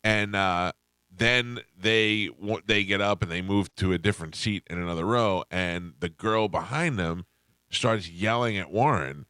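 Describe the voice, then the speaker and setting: A radio host telling a story in casual chat, acting out the people in it. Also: male voice, low-pitched, a little slow, clear, resonant tone, no room sound, clean studio sound. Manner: animated, acts out quoted voices.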